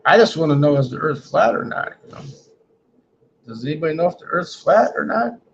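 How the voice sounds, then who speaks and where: A man's voice: fairly high pitch, animated, a little fast, creaky, a little hiss or hum. A man hosting a casual livestream, reading chat comments aloud and joking in a rambling way, often ending lines with "man". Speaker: livestream host. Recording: dull lo-fi stream audio.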